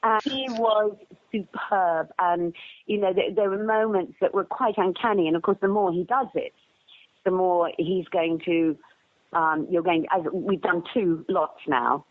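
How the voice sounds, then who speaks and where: A woman's voice: fairly low pitch, fairly even intonation, measured pace. An older actress chatting as an interview guest, bubbly and rambling, telling stories and acting out the lines people said to her. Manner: bubbly, rambling anecdotes with acted-out quotes. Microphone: telephone. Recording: tinny phone line.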